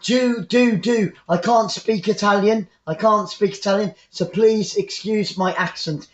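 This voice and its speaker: A man with an English accent giving chatty, excitable live football commentary as a fan, rambling into asides to his viewers. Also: sits high, a little slow, reverberant, muffled recording.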